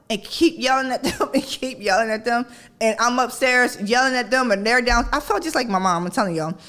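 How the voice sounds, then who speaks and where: A middle-aged woman hosting a parenting radio show in a casual, conversational way. She keeps checking in with "right?" and acts out her own yelling. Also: fairly high pitch. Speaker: podcast host. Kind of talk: casual talk-radio monologue.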